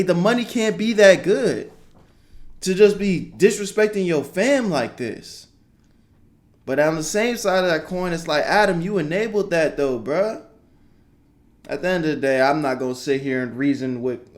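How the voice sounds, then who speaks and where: A man hosting a reaction channel, giving casual slangy commentary with loud outbursts. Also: fairly high pitch, normal speed.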